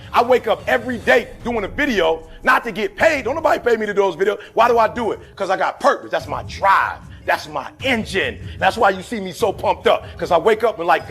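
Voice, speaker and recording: A man's voice: high voice, a bit bright, breathy edge. A middle-aged man from Detroit, giving a fiery, slangy motivational speech full of stories. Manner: fiery, preachy, slangy storytelling. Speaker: motivational speaker. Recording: faint music underneath.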